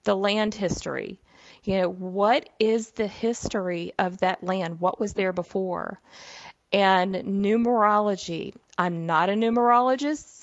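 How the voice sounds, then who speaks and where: A woman's voice: medium pitch, slow, no room sound. A chatty, enthusiastic woman hosts her own show, filling her talk with casual asides. Her voice comes through a dull, slightly lo-fi recording that sounds dry and close. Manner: enthusiastic, chatty, with frequent fillers. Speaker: host.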